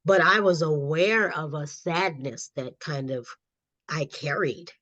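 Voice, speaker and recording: This is a middle-aged woman, an author and counselor appearing as a podcast guest, who laughs a lot while telling her own story with animation. Her low-pitched voice moves at a slow pace and has a fairly bright tone, with no echo. Sound quality is slightly dull lo-fi.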